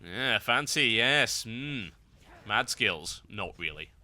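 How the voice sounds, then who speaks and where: A man's voice: fairly low pitch, lively intonation, takes it slowly, sharp tone, slight background noise. A man hosting a game guide, giving wry, sarcastic gameplay commentary.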